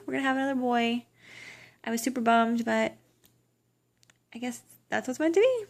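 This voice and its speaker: A young woman vlogger gives her camera a casual pregnancy update, rambling, restarting and correcting herself as she goes. Her fairly high voice is expressive at a normal speed, and she sounds tired, exhausted and at times tearful.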